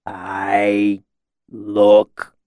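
Male narrator doing a dazed sellsword, thick-voiced and halting, dark and slow. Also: lowish voice, completely flat delivery, a little hiss or hum. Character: dazed, befuddled male mercenary.

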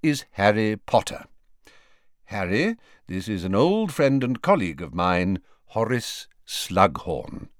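A man voicing a tall, thin old male wizard in an audiobook, measured and polite. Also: lowish voice, big pitch swings, no echo, studio quality. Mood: courteous.

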